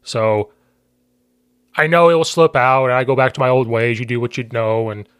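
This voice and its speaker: Midwestern guy hosting a podcast, rambly chatty stories, mid-pitch, dry close mic. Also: fairly even intonation, a bit bright, clean tone, no room sound. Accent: Central Illinois. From Central Illinois. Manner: chatty storyteller, quick restarts, laughs easily. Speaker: podcast host and football coach. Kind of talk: casual podcast chat.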